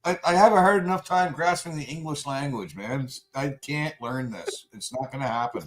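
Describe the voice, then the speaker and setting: A man hosting a late-night casual chat, rambling and swearing freely, with an animated, profane delivery. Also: medium pitch, moderate pace, rough recording. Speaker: podcast host.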